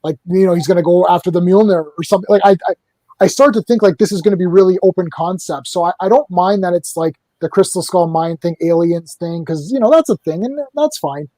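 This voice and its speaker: A man's voice: sits high, quick pace, mellow, no room sound. A man co-hosting a casual film discussion, rambling and hesitant with many fillers. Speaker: podcast co-host.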